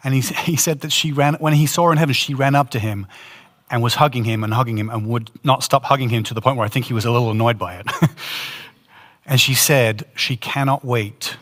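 A man preaching a sermon as pastor, telling a story in an earnest, lively way. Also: mid-range voice, a little fast, in a large hall. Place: church hall.

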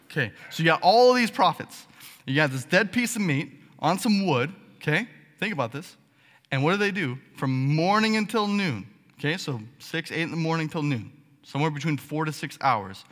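A man preaching a sermon as pastor, animated and sarcastic, checking in with the congregation with frequent "okay?" asides. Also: a little high, unhurried, pauses often. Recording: long hall reverb.

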